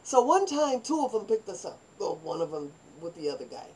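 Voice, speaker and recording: An older woman in a personal storytelling monologue, rambling and animated, acting out the voices of people in her stories. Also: medium pitch, fairly quick, a little hiss or hum, poor audio. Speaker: vlogger telling her life story.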